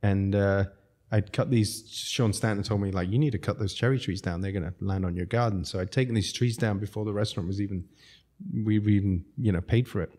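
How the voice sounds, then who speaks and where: A man's voice: fairly low pitch, fairly even intonation, fairly quick, mellow. A man who runs restaurants, telling rambling, self-mocking stories in a casual podcast chat. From outside the United States. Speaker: restaurateur guest.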